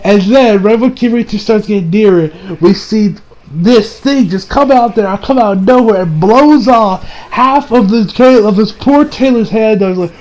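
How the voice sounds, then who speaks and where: A man's voice: high-pitched, moderate pace, a little mellow, low-quality recording. A young man casually recapping an anime episode, rambling and playful, laughing as he retells scenes.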